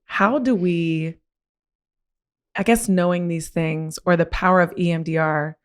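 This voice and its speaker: A woman hosting a podcast talks through a personal story with casual, slangy candor. Her voice sits on the low side. When she gets excited it climbs and speeds up. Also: a little slow. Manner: animated, rising pitch when excited. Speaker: podcast host. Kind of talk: candid conversational storytelling.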